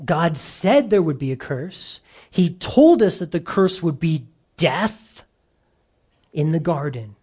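A pastor delivering a sermon at an unhurried pace. He speaks earnestly and with emphasis, rising in pitch on points he wants to land and stretching out key phrases. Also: husky. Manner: earnest, emphatic, with lively rises and drawn-out slow phrases.

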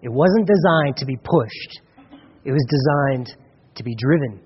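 A man's voice: mid-range voice, expressive, unhurried, slight background noise. A man from Colorado preaching a sermon as pastor, conversational and humorous, acting out little dialogues. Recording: dull recording with long hall reverb.

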